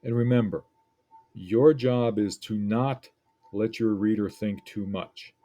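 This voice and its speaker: A male teacher walks through an essay slowly and carefully, pausing often as he weighs each point. His voice is low and mellow. He talks in an unhurried, thoughtful way. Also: dull audio. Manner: deliberate, reflective, pauses often. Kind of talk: lesson analyzing an essay.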